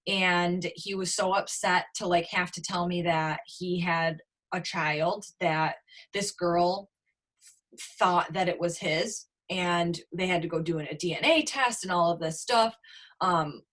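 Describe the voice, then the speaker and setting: A woman's voice: lowish voice, measured pace, a bit bright. A young adult woman, a business coach, candidly telling a personal story on a team video call, swearing freely and leaning on "like".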